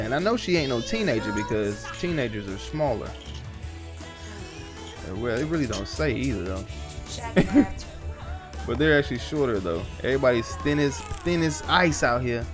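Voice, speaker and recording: Male gaming commentator, animated and profane, very lively pitch. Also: normal speed, long pauses, music in the background. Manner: animated, slangy, profane reactions. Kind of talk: let's play commentary.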